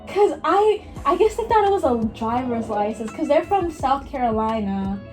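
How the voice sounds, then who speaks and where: A woman's voice: high-pitched, expressive, normal speed, darkish tone. A young woman in her late teens from Miami telling a rambling, casual storytime, full of "like" and acted-out quotes of other people. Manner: rambling, lots of "like", acts out others' lines. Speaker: vlogger. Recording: music playing behind her.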